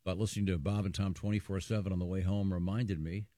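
A man's voice: sits low, flat delivery, quick pace, mellow, no echo, studio quality. A man hosting a radio show, reading listener letters aloud with mock indignation. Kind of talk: casual comedic radio banter.

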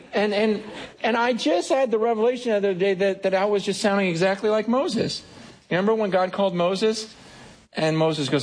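A man preaching a sermon, animated, slipping into acted inner voices with quick repeats and restarts. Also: sits high, slight background noise. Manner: animated, breaks into acted self-talk and laughs. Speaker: pastor.

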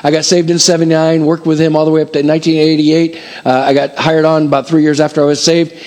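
Lively, fairly high-voiced male pastor preaching. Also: fast, poor audio. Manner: lively, conversational, polls the congregation like an auctioneer; repetitive, emphatic phrasing. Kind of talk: expository sermon. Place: church sanctuary before a congregation.

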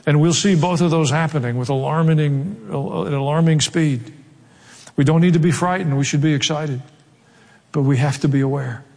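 A man's voice: fairly high pitch, moderate pace, gravelly, a little mellow, big-room sound. A man with a Southern US accent, preaching a sermon as a pastor in an earnest, emphatic manner.

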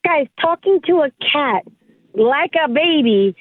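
A woman's voice: high voice, expressive, unhurried, dry recording. A woman on the phone to a radio show, defending herself in an insistent way. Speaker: caller. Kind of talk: radio call-in chat. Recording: tinny phone line.

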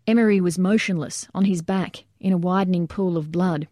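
A woman with a low, mellow voice narrates a nonfiction war account at a measured, steady pace. The recording is dry and close, with no room sound. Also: no echo. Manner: measured, steady storytelling that raises its voice for shouted quotes.

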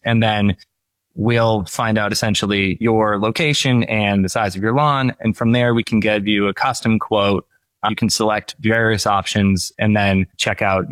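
A man with a fairly low voice walks through how his service works, easygoing and a little halting, restarting phrases as he goes. The sound is dry and close, with no room around it. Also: fairly bright tone, dry recording. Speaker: company guest. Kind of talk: casual explaining.

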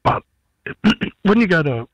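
A man's voice: sits high, slow pace, no echo, lo-fi sound. A man, a musician guest telling a story in a radio interview and acting out what others said. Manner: animated storyteller, acts out others' lines.

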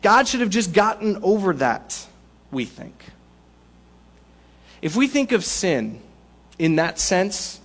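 A man preaching a sermon to a congregation, in a conversational, animated way with playful asides. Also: sits high, takes it slowly, long pauses. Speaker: pastor.

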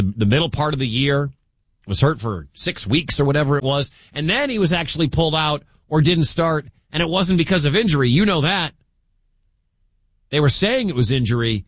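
Animated man hosting sports talk radio. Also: on the high side, slightly rough, no echo. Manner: animated, argumentative, talks straight to listeners. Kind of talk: opinionated sports talk commentary.

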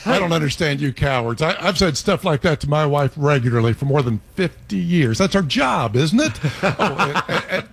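An older man on a talk panel, spinning self-mocking stories. His voice is gravelly and climbs and dips widely as he tells them. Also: fairly high pitch, expressive, moderate pace, a bit bright. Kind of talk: panel chat.

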